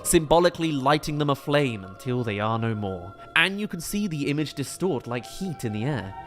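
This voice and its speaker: A man's voice: mid-range voice, sing-song, moderate pace, fairly bright tone, faint music behind. Enthusiastic male film reviewer. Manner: enthusiastic, detailed and analytical. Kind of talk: film analysis commentary.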